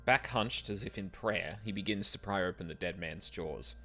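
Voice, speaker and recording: A man's voice: low voice, moderate pace, bright, forceful tone, soft background music. A man streaming a game, reading its text aloud in a wry, joking way.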